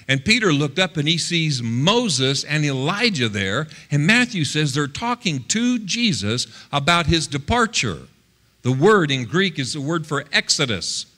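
A male pastor preaching a sermon, swinging between loud, quick passages and hushed, slow ones. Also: a little high.

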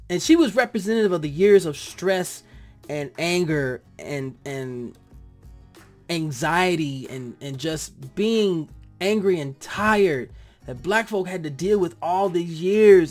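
A lively reviewer chats through a TV episode, voice rising and falling as they act out their own reactions. They drift now and then into heartfelt side remarks. Faint music plays softly behind them. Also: medium pitch. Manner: animated, acts out own reactions. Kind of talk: casual spoken review.

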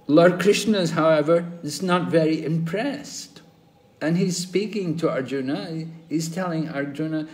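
An older man teaching a scripture class, telling stories slowly and acting out the quoted dialogue. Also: on the high side. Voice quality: slow, animated storytelling, acting out quoted dialogue. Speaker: spiritual teacher. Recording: roomy echo, faint ambient noise.

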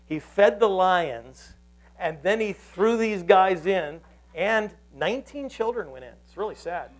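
A pastor with a fairly high voice delivers a sermon. He tells the story earnestly and keeps restarting his phrases as he goes. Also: expressive, measured pace, soft background music, low-quality recording.

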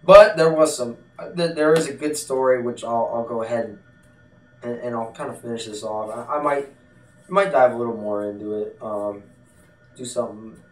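A man's voice: medium pitch, steady tone, normal speed. Blunt, profane man in an echoey room. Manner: blunt and profane, swears freely. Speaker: vlogger. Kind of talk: casual storytelling to camera. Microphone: desktop USB mic. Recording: echoey room, distant from the mic.

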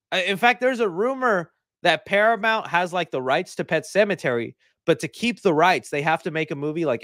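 A male movie reviewer reacting casually to lists in a rambling, animated way with jokey asides. His voice sits a little high. The recording is dry and close. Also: no room sound.

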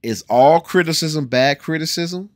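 A forty-year-old man from Ohio with an American accent, hosting a casual video where he reacts to a music video, jumping between loud exclamations and muttered asides. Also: fairly high pitch, unhurried, no room sound. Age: 40s.

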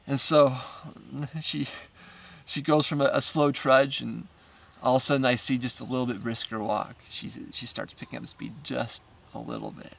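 A man telling a first-person story as the filmmaker of his documentary, halting and repeating words, with small laughs between phrases. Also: medium pitch, flat delivery, creaky, recorded from a distance.

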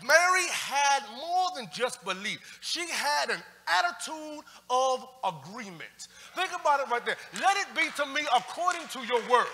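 A man preaching a sermon as pastor, emphatic, with call-and-response lines and bursts of shouting. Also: very high voice, sing-song, a little slow, hardly any pauses. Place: church sanctuary. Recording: church broadcast with long reverb.

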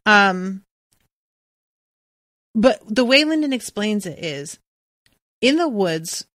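Woman podcaster recapping a book, swears a lot, lively, dry close mic. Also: medium pitch, slow, no echo. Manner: animated, profane, jumps into quoted voices. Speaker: podcast host. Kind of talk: casual book recap with readings.

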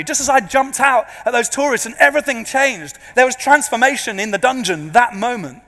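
A man, a pastor preaching to a congregation, an animated and self-deprecating storyteller. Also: extremely high pitch, a little fast, few pauses. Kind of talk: sermon with humorous storytelling. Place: large church before a congregation. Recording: long reverb of a large church.

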